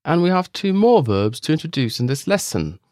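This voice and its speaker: Upbeat man teaching with lively pitch. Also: moderate pace, dry recording, clean studio sound. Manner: upbeat, encouraging listeners. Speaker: co-host of a language lesson. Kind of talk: scripted lesson dialogue.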